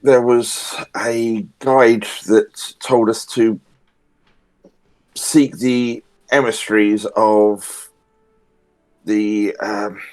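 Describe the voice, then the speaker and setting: A man playing a tabletop role-playing game, speaking in character, halting and polite. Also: fairly low pitch, fairly even intonation, a little mellow, rough recording. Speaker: player.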